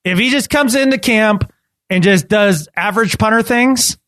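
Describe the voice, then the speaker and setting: A man co-hosting a casual sports podcast, talking emphatically and repeating himself when excited. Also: high-pitched, normal speed, no room sound, studio quality. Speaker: podcast co-host.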